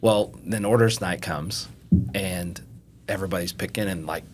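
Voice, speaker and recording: Middle-aged Kentucky man, lower voice, animated storyteller, faint rumble. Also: normal speed. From Eastern Kentucky, USA. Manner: animated storyteller, acts out quotes. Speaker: FBI agent, podcast guest. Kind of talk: casual interview storytelling.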